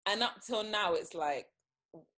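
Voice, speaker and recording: A woman's voice: medium pitch, unhurried, fairly bright tone. A woman hosting a casual podcast chat, speaking carefully and hesitantly, often restarting her sentences. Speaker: podcast host.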